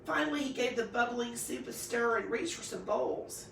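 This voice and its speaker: A woman reading a children's story aloud in an expressive, animated way. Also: fairly high pitch, normal speed, gravelly, recorded from a distance, a little hiss or hum. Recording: echoey room, voice off-mic.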